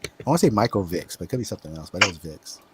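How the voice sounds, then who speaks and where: A man's voice: sits low, lively intonation, rapid-fire, background noise. A man chatting casually on a talk show, easygoing and laughing now and then. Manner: easygoing, laughs, mimics family members in funny voices. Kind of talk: casual chat.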